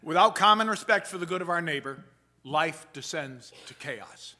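A man delivers a sermon in an earnest, measured voice that sits a little high. His tone is bright and forceful, and he slows down deliberately to stress his main points. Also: expressive. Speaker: preacher.

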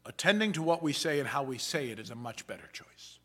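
A man preaching a sermon in a measured, earnest way, slowing down to stress key points. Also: medium pitch, big pitch swings, fairly bright tone, slightly rough. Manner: measured, earnest delivery that slows for emphasis.

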